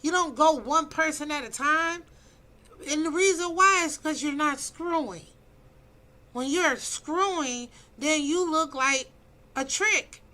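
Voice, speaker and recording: Blunt high-voiced woman in her fifties. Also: slow, pushed and bright, low-quality recording. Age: 50s. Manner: blunt, preachy, emphatic. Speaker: vlogger giving dating advice. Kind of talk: casual opinionated monologue.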